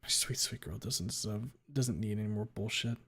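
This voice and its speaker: A man streaming himself reading a fan fiction aloud in an emotional first-person style, rushing some passages and stretching others out. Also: lowish voice, vocal fry, bright, forceful tone, husky. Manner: emotional, pace swinging between rushed and drawn out.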